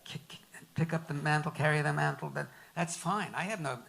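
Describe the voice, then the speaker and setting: An older man, a guest on a live comedy talk show, speaking haltingly and repeating words as he searches for them. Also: fairly high pitch, gravelly, fairly bright tone. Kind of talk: casual talk-show chat.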